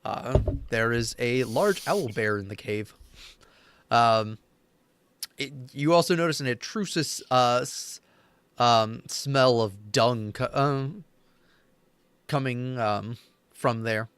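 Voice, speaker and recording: A man narrating a tabletop game as game master, halting often with fillers. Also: mid-range voice, fairly bright tone, smooth, no echo.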